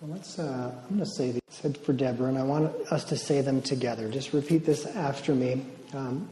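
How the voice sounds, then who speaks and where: A conference speaker delivers a sermon in a conference hall, earnestly leading the audience in call-and-response affirmations. His medium-pitched voice is brisk and dark in tone, and the echoey hall leaves a long reverb.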